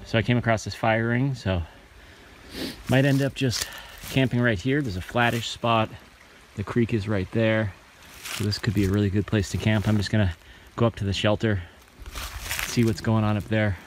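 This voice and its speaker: Wry, low-voiced man vlogging on a trail. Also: steady tone, moderate pace, slight background noise. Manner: wry, offhand commentary. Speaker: hiker filming his trip. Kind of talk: casual outdoor vlog. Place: outdoors on a forest trail.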